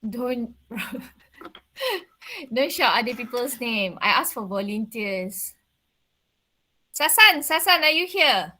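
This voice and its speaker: A woman's voice: a little high, sing-song, slow, pauses often, bright, forceful tone. A woman teacher with a Malaysian accent explaining a play to a class, checking in with questions. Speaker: English literature teacher.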